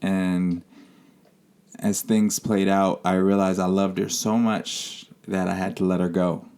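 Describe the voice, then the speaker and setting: A man's voice: low-pitched, little pitch movement, unhurried, darkish tone, clean tone. A man of thirty, a podcast host, telling his own story in a candid, rambling way with many fillers. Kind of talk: personal storytelling monologue.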